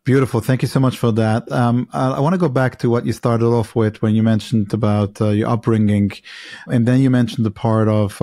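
A male podcast host asking questions in a hesitant, halting way, often restarting his sentences. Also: fairly low pitch, mellow, dry recording, clean studio sound. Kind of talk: casual interview.

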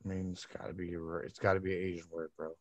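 Wisecracking low-voiced podcast guy. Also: flat delivery, quick pace, no echo. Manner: wisecracking, teasing, swears freely. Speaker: podcast co-host. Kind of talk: casual podcast chat. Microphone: podcast mic.

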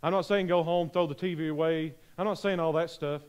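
A man's voice: a little high, fairly even intonation, fairly quick, a little mellow, smooth. Earnest pleading male preacher. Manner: earnest, pleading, repeats phrases. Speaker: pastor. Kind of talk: sermon invitation. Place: church sanctuary.

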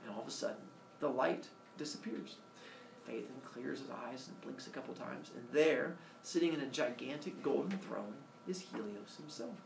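A man telling a story to listeners in a lively, jokey way. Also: mid-range voice, moderate pace, gravelly. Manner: animated, jokey retelling of myth. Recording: echoey room, distant mic, faint hiss.

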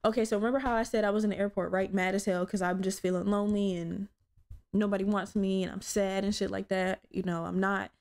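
A young woman hosting her own podcast, telling stories in a blunt, profane, animated way. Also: mid-range voice, fast talker. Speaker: podcast host. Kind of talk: casual solo podcast chat.

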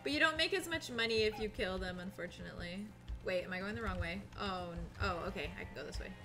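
Talking fast over music, a woman with a mid-range voice gives casual live commentary while streaming a game. She curses without restraint, laughs often, describes each move she makes, and lets out loud bursts of panic.

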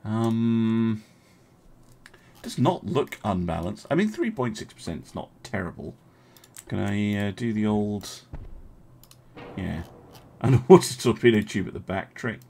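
A young man casually commenting as he streams a strategy game, thinking aloud, chatting with his viewers and filling pauses with many ums and uhs. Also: fairly low pitch, very animated, dark tone, a little hiss or hum.

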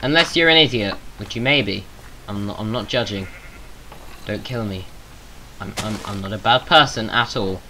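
A man's voice: fairly low pitch, normal speed, bright, forceful tone, a little hiss or hum, low-quality recording. A man with a Southern English accent, rambling through casual gameplay commentary with self-mocking jokey asides. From England. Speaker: gaming YouTuber.

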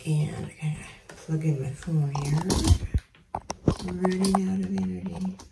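Lady bird breeder, slow mellow voice, coos baby talk, mic kinda far off. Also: on the low side, fairly even intonation, gravelly, heavy background noise. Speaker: bird breeder showing a tame parrot. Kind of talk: casual bird-handling demonstration. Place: aviary indoors. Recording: roomy, from a distance.

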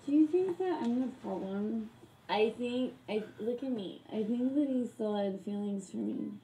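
A woman's voice: on the high side, animated, moderate pace, dark tone. A woman playing a clingy, heartbroken young passenger in a comedy sketch, whining and pleading. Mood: melodramatic. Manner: melodramatic, swinging between whining and pleading. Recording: noisy sketch audio.

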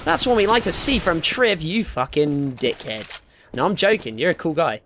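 A young man commentating his own gameplay, excitable and sweary, often yelping into squeaky high notes. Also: normal speed, slight background noise. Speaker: gaming YouTuber. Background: game music and gunfire.

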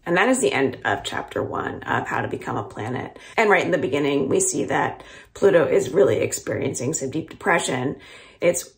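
A woman from a library series reading the first chapter of a children's novel aloud, calm and expressive. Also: low-pitched, fairly quick, gravelly. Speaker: library book reader.

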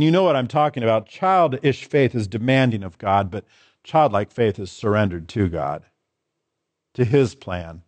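A man's voice: fairly high pitch, dry recording. A man preaching a sermon as pastor, stressing and repeating his key phrases in contrasting pairs.

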